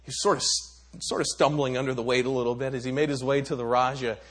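A man's voice: medium pitch, steady tone, quick pace. A man preaching a sermon, telling a story dramatically with some stammered restarts.

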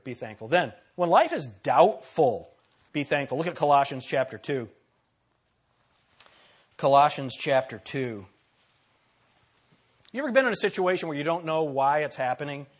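A man delivers a sermon from the pulpit in a somewhat high voice. He repeats key phrases for emphasis and puts questions to his listeners, swinging from forceful declarations down to near-hushed asides. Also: lively intonation, unhurried, pauses often. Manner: preaching with dramatic swings between loud and soft. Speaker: pastor.

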